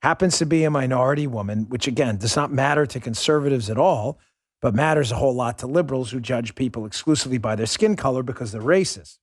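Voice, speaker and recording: A man's voice: medium pitch, fast, no room sound, clean studio sound. A man hosting a political commentary show, talking in a combative, ranting and mocking way. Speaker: host.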